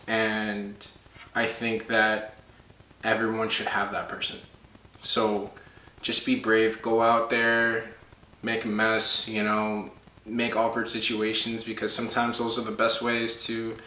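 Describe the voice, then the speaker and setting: Young guy talking slow and sincere, lots of ums, flat lowish voice, sounds far from the mic. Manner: earnest, hesitant, many ums and pauses. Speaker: husband and guest on vlog. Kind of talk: casual chat. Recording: echoey room, off-mic, faint hiss.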